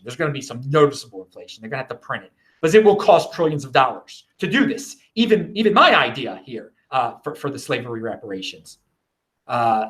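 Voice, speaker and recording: Animated man hosting a solo commentary show. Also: on the high side. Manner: animated, halting, many restarts and fillers. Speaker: show host.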